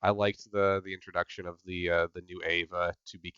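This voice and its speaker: Low-voiced casual male podcast host. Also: little pitch movement, fairly quick, a bit bright, smooth, dry recording, muffled recording. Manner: filler-heavy, repeats "yep" and "like". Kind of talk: casual recap chat.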